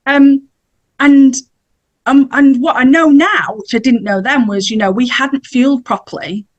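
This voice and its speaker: A woman's voice: a little high, normal speed, highs cut off. A middle-aged woman, telling a personal story in a chatty way as a podcast guest and laughing now and then. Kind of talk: casual storytelling.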